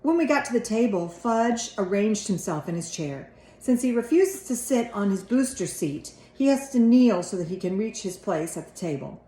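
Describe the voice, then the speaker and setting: A woman's voice: medium pitch, moderate pace. Woman reading a storybook aloud. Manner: expressive narration. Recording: echoey room.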